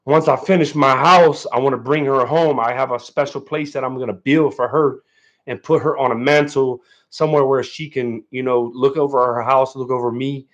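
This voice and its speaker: A man's voice: mid-range voice, fairly even intonation, normal speed, muffled recording. A man hosting his first livestream in a casual, rambling way, full of fillers and a little nervous. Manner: laid-back, rambling, lots of fillers and "man". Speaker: livestream host.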